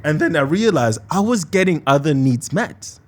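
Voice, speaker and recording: A man with a fairly high voice joins a podcast conversation as a guest. His pitch swings widely as he talks, animated and self-mocking. He laughs easily between thoughts. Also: normal speed.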